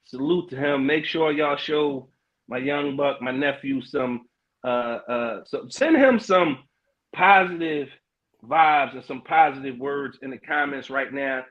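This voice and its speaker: A middle-aged man hosting a podcast livestream in casual chat, loose and hyped, with lots of slang, fillers and quick laughs. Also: medium pitch, little pitch movement, lo-fi sound. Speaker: podcast host.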